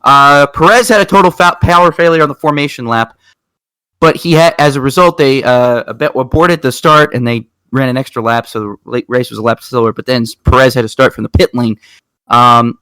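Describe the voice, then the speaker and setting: A man co-hosting a racing talk show, telling stories in a rambling, animated way with lots of restarts. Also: medium pitch, fairly quick, smooth, no room sound. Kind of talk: casual chat.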